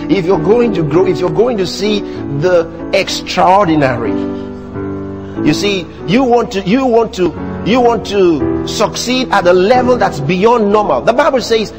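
A man with a Nigerian accent preaching a sermon in church, animated and teasing the congregation. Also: high-pitched, long reverb tail. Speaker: pastor. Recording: music playing behind the sermon.

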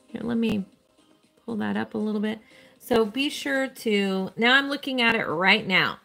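A woman's voice: a little high, moderate pace, vocal fry, sharp tone, soft background music. Upbeat chatty woman live-streaming a game. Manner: chatty and upbeat, answering viewers' chat questions. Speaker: live-stream host playing a mobile game. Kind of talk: casual live-stream commentary.

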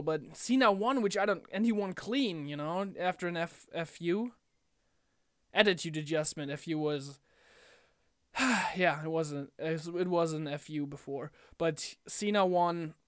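A young man ranting casually about a wrestling event in a home vlog, animated and chatty, often slipping into impressions of the people he talks about. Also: fairly high pitch, clear, resonant tone, no room sound, studio quality. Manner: animated, mimics wrestlers in quotes. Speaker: wrestling fan vlogger.

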